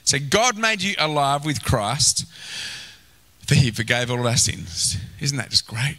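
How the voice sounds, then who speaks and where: Man, pastor preaching, lively swooping pitch, bright forceful tone. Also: normal speed, low-quality recording. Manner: animated, acts out inner voices, exclaims. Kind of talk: sermon.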